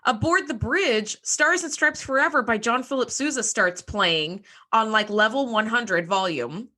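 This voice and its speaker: A woman co-hosting a podcast, recapping an episode in casual, animated chat, swearing and acting out the characters' lines. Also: fairly high pitch, unhurried. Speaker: podcast co-host.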